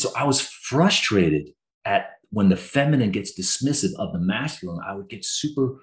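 A man's voice: lowish voice, very animated, moderate pace. A middle-aged man, a therapist, speaking earnestly and openly about his own life in a conversation. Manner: earnest, emotionally open, reflective. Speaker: therapist, guest. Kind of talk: candid conversational storytelling. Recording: roomy echo.

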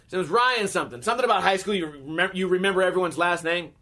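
A man's voice: sits high, racing. A man in his thirties telling casual, profane stories as a podcast host, acting out the people he quotes. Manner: profane, animated, acts out quoted voices. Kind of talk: casual storytelling chat.

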